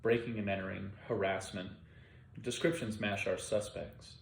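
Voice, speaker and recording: A man's voice: lowish voice, steady tone, moderate pace, gravelly, a little hiss or hum. A man voicing a young, eager, by-the-book male police officer who speaks in clipped radio jargon. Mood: formal. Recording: roomy echo.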